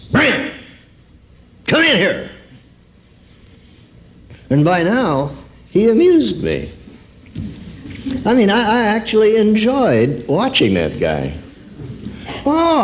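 A man giving an earnest personal testimony sermon, swinging between high emphatic phrases and low drawn-out words. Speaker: preacher. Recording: dull lo-fi recording.

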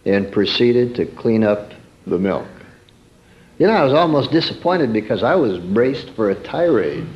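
A man preaching a sermon in a storytelling way, swinging from emphatic peaks to soft, quiet asides. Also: mid-range voice, big pitch swings, normal speed, muffled recording.

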